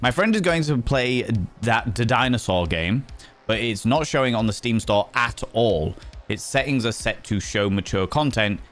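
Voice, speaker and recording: A man's voice: medium pitch, animated, moderate pace, a bit bright. A man with a Yorkshire accent hosting a livestream, chatting casually and teasing viewers as he reads their messages. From England. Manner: playful, teasing, greets viewers as cheeky devils. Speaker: livestream host.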